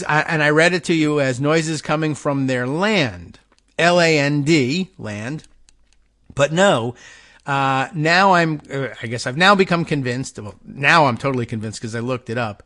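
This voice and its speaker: A man's voice: medium pitch, moderate pace, pushed and bright. Rambling wry male talk show host. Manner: rambling and digressive, thinking aloud; wry and self-mocking. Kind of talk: casual monologue on a call-in talk show.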